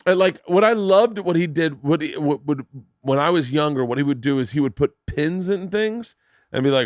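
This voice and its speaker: Man telling animated stories, dry studio sound. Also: on the high side, normal speed, dry recording. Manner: animated anecdotes, voices quoted people. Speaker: podcast host. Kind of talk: casual chat, storytelling.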